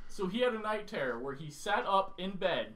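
High-voiced young man telling a story. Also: moderate pace, distant mic, slight background noise. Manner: animated, swearing, laughing through story. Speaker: podcast co-host. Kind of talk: casual storytelling.

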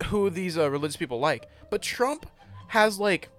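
A man co-hosting a podcast, giving opinions and quick quips in casual, profane chat. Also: high voice, animated, fairly bright tone, soft background music. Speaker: podcast co-host.

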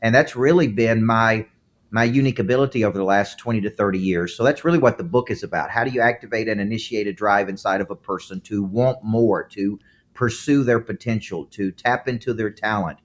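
A man's voice: on the low side, fairly quick. A man with a Southern US accent, a former coach and author, explaining his ideas fluently as a podcast guest. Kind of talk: podcast interview answers.

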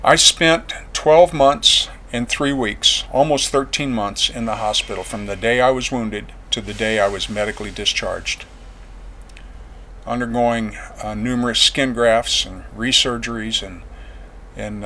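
A man giving a personal testimony as a veteran, plain-spoken and earnest, going quiet on painful memories. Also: on the low side, fairly even intonation, unhurried, a little hiss or hum.

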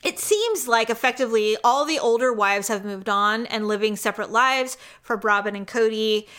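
A woman's voice: fairly high pitch, normal speed, a bit bright, clear, resonant tone. A woman co-hosting a casual chat, telling stories and acting out the lines of the people in them. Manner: storytelling, acts out quotes with a shifting voice; candid, gossipy. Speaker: podcast co-host.

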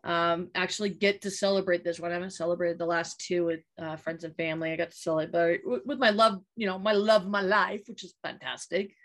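A woman's voice: lowish voice, brisk, few pauses. Candid, laughing woman in her late thirties. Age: late 30s. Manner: candid, animated storytelling with laughs and profanity. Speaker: podcast co-host. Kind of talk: casual chat.

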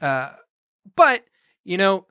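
A man co-hosting a podcast in casual chat, relaxed and rambling with plenty of fillers. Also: high-pitched, slow, smooth, no echo, clean studio sound. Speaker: podcast co-host.

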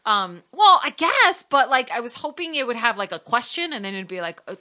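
Animated, bright-voiced woman telling stories. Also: fairly high pitch, brisk. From family from Portugal. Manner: animated storyteller acting out quoted voices, laughing often. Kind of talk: casual chat.

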